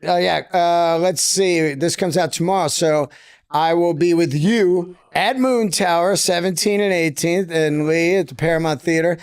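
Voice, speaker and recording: A male comedian guest on a podcast, talking fast and eagerly, with frequent swearing. His voice sits a little high and sounds smooth and resonant. The sound is dry and close. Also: no room sound. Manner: enthusiastic, profane, plugs tour dates. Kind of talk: casual podcast chat.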